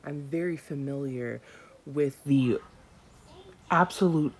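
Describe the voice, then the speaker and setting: A woman's voice: rumbling low, slow, breathy edge. A young adult woman from the United States ranting in an exasperated, emphatic way in a casual book vlog at home. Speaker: book vlogger.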